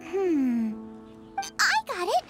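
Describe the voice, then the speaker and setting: A woman's voice: extremely high pitch, over music, heavily acted. A woman playing a cheerful, food-obsessed young female chef in a video game, bubbly and eager. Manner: bubbly, enthusiastic, rapid excited outbursts.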